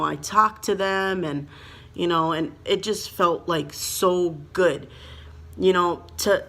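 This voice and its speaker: A young woman from Minnesota tells a personal story straight to her viewers in a casual vlog. Her voice sits a little low. She rambles, leans on "like" and "you know," and speaks with open, heartfelt emotion. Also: a bit bright. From Minnesota, USA. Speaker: vlogger.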